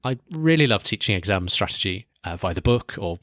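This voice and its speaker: A man's voice: lowish voice, lively intonation, brisk, a bit bright, no echo, clean studio sound. A young man hosting a study podcast, giving earnest, encouraging exam advice in scripted narration. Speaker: podcast host and exam coach.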